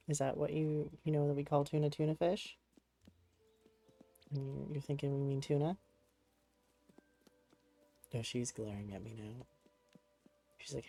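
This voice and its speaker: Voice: medium pitch, steady tone, measured pace, vocal fry, long pauses, warm tone, soft background music, rough recording. A streamer chatting casually while playing a game at a home desk, cooing to a pet cat between musing remarks.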